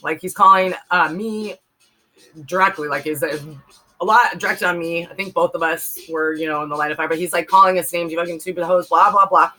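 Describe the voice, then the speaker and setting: Fairly low in pitch yet sharp in tone, this woman speaks steadily and fairly quickly on a low-quality recording. She's a Bay Area vlogger in her forties delivering a personal testimony, rambling and emphatic, heavy on fillers.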